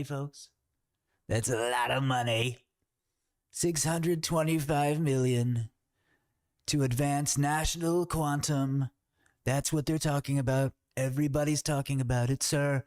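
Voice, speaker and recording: A man's voice: mid-range voice, a little mellow, pitched above the performer's own voice, close to an everyday voice. A man doing a rambling boastful old politician. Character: boastful older male politician, rambling and self-pleased.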